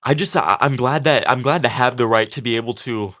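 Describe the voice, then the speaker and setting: A man's voice: medium pitch, a little fast, fairly bright tone. A young man talking casually about his craft while he works, chatty and a bit defiant, with many fillers and restarts. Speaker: tatting creator.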